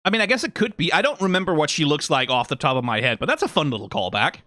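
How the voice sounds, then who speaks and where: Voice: mid-range voice, lively intonation, fast talker, sharp tone, dry recording, clean studio sound. A streamer from Denmark with a Danish accent, giving casual, rambling reaction commentary full of fillers and swearing. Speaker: video reactor.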